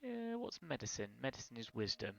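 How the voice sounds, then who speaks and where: A man narrating as game master in a tabletop game, pausing often with fillers. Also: mid-range voice, creaky, lo-fi sound. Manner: halting, many fillers, relaxed.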